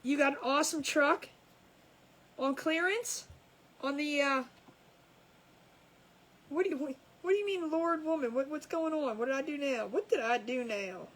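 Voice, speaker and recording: A woman's voice: high voice, normal speed, pauses often, fairly bright tone, rough recording. A woman chatting casually to viewers while she crafts, laughing often at her own jokes. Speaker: crafting livestream host. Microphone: camera over a crafting table.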